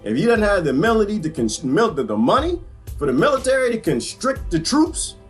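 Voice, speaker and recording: A middle-aged man delivers a casual political rant, sliding up and down in pitch. His voice sits a bit high for a man, and he keeps joking and laughing as he talks. Faint music plays underneath. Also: brisk. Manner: animated, joking, laughs often, Southern US slang. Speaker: vlogger.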